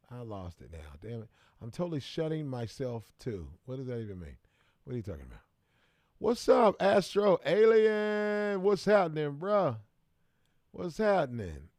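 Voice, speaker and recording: Midwestern man, casual livestream host, mid-pitched, dry close sound, shout-outs to chat. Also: gravelly, no echo. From Kansas City, American Midwest. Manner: loose and chatty, greets viewers by name with bursts of hype.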